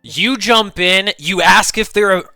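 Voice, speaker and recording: A man running a tabletop game as game master, narrating in a lively way with lots of fillers. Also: sits high, takes it slowly, no room sound, faint music behind.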